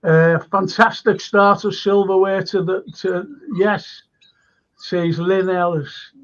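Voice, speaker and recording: A man's voice: high voice, flat delivery, slow pace, dull audio. A man hosting a live stream, chatting and reading viewers' comments aloud with frequent laughs. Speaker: host.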